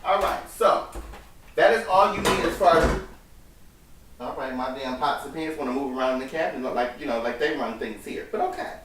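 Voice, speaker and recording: A man's voice: medium pitch, a little fast, a bit bright, a little hiss or hum. A man hosting a casual cooking vlog from his home kitchen, talking in a sassy, profane, campy way. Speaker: cooking show host. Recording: echoey room, mic at a distance.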